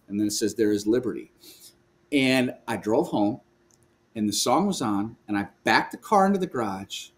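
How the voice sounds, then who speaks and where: A man speaking as a guest in a remote video call interview, telling a personal story with lively energy, frequent laughs and restarts. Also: lowish voice, moderate pace. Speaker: guest, worship leader. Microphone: video call microphone.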